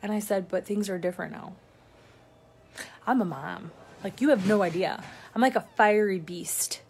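A young woman talking casually to camera as a mom telling her own story, chatty and full of fillers, dropping to a hush and then rising with excitement. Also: medium pitch, moderate pace, creaky, slight background noise. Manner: chatty, filler-heavy, swings between hushed and excited. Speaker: mom sharing her work-from-home story.

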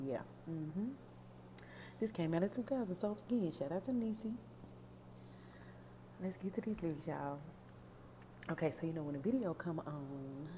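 A woman hosts a casual podcast and gives running commentary on song lyrics. She talks in an animated, sassy way and swears freely. Her voice is somewhat low and mellow, with faint background noise. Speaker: podcast host.

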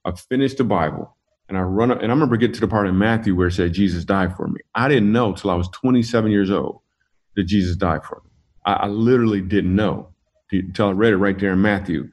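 A man with a fairly low voice recounts his own stories in a relaxed interview. He is animated and jokey, and he laughs along with his own punchlines as he goes. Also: fast. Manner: animated storyteller, laughs through his jokes. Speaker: comedian guest. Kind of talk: casual interview storytelling.

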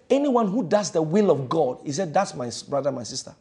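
A male pastor preaching a fervent sermon in a church, repeating phrases and swinging between loud declarations and hushed lines. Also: a little high, very animated, a little fast, hardly any pauses, breathy edge.

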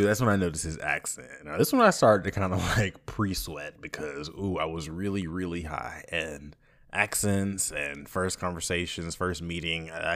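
A young man hosting a podcast, telling a candid, crude story in a casual, animated way with frequent laughter. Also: low-pitched. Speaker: podcast host.

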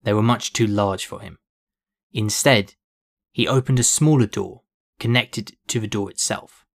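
A man reading a fantasy story aloud in a steady, descriptive storytelling style. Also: on the low side, unhurried, creaky. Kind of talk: scripted narration of a fantasy story.

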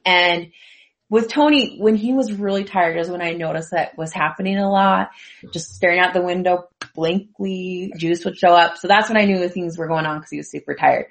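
A woman's voice: on the low side, normal speed. A woman in a casual group chat, telling a funny story and laughing through it. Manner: laughs through her story, breathless giggling.

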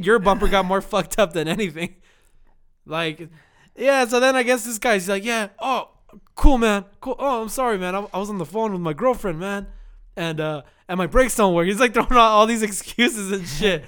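A man's voice: high-pitched, a little fast, fairly bright tone, clear, resonant tone. A young man from California, telling a profane, laughing story about his delivery driving and acting out the other people's voices. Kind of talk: casual chat.

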